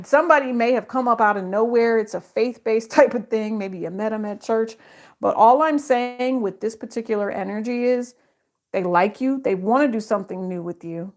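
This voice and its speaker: A woman's voice: fairly high pitch, darkish tone. A middle-aged woman giving a casual, rambling psychic tarot reading, full of fillers and self-interruptions.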